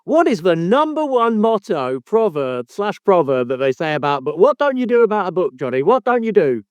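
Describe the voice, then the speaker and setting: A man hosting a casual podcast, his voice high and animated as he ribs his co-host with mock outrage and casual swearing. The sound is close and dry. He leans hard into exaggerated exasperation. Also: moderate pace, clear, resonant tone, dry recording. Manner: teasing, mock-indignant, swears freely. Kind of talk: casual chat.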